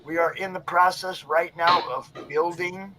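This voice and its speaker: A man's voice: high voice, little pitch movement, measured pace, noisy background. A man hosting a livestream chat, talking in an upbeat, enthusiastic way.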